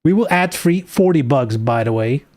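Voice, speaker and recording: A man's voice: mid-range voice, lively intonation, moderate pace, darkish tone. A man streaming live, reading game news aloud and ranting about it sarcastically, swearing often.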